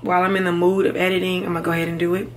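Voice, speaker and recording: A woman's voice: lowish voice, little pitch movement, very fast, a little hiss or hum. A young woman chatting casually to her viewers in a vlog, calling them y'all. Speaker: vlogger.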